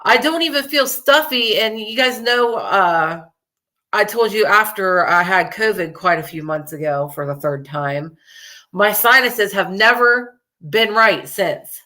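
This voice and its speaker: A woman's voice: mid-range voice, lively intonation, unhurried, sharp tone. A young adult woman hosting a casual true crime show, chatting to viewers in a rambling, profane way and laughing often. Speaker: true crime podcast host.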